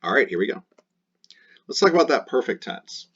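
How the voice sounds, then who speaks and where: A man's voice: mid-range voice, very animated, a little fast, creaky, fairly bright tone, breathy edge. A man teaching a grammar lesson, explaining step by step and drilling endings aloud in rhythmic lists. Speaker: Latin teacher. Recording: dull lo-fi recording.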